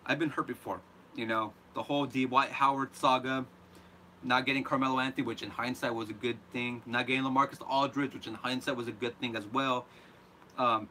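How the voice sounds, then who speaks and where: A man hosting a live reaction show, ranting in an animated, exasperated way. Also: medium pitch, a little hiss or hum. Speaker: host.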